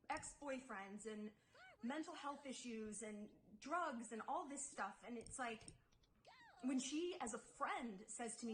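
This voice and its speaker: A woman's voice: fairly high pitch, sharp tone, slight background noise, low-quality recording. A young woman YouTuber telling an upsetting story to her viewers in a confessional vlog, rambling and defensive, full of "like" and restarts.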